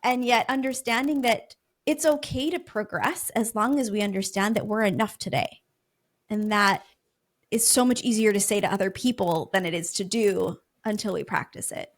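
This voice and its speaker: A woman podcast host in a casual conversation, affirming and animated as she responds. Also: mid-range voice, moderate pace.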